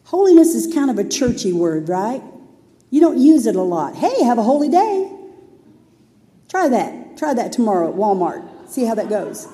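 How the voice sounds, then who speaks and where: A woman's voice: mid-range voice, very animated, normal speed, mellow. A woman pastor preaching a sermon in a church, chatty and playful as she tells stories. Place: church sanctuary. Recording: long hall reverb.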